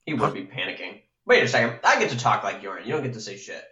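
A man's voice: medium pitch, big pitch swings, quick pace, bright, forceful tone. A man playing in a tabletop game, casual and joking, often laughing. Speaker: player. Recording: roomy, dull lo-fi sound.

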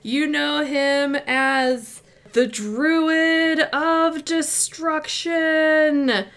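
A woman's voice: sits high, steady tone, extremely slow, fairly bright tone, pitched above the performer's own voice, exaggerated voice. A woman voicing a showy male fish-like arena announcer who draws out his words grandly. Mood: grandiose.

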